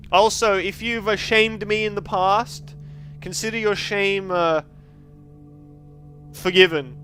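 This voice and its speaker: Man, high voice, casual game commentary, chatty and joking, soft music behind. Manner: chatty, joking, thinking aloud. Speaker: streamer.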